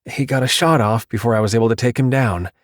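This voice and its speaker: A man's voice: mid-range voice, fast talker, dry recording, clean studio sound, lightly acted. A male narrator voicing an adult female police officer who talks in a firm, commanding cop voice. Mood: brisk.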